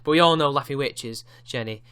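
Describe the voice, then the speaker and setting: A man's voice: medium pitch, a little fast, sharp tone, clear, resonant tone. A man giving a ranting online commentary, indignant and sarcastic, with frequent swearing. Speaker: YouTube commentator.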